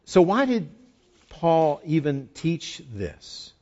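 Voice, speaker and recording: Pastor guy preaching, lively swings, hits his points hard, kinda muffled lo-fi recording. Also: fairly high pitch, slow pace. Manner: animated, emphatic, repeats key phrases. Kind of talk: sermon.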